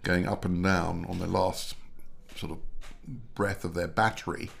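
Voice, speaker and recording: A man's voice: deep voice, little pitch movement, a little slow, vocal fry, a bit bright. A man in his sixties chatting as a guest, telling rambling anecdotes. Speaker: guest, mergers and acquisitions adviser. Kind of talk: casual chat.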